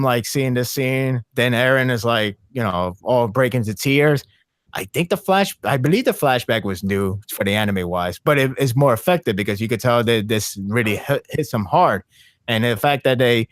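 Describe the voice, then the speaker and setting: A man talking casually on a podcast, excitable and rambling, with frequent restarts and fillers. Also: medium pitch, no echo, studio quality. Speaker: podcast co-host.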